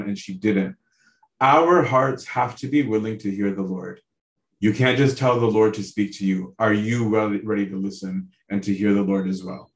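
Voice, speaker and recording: A male priest giving a sermon, speaking earnestly and conversationally, often asking his listeners direct questions and checking in with "right?". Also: medium pitch. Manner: conversational, tags lines with "right?". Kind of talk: sermon on a Bible passage. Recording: roomy echo.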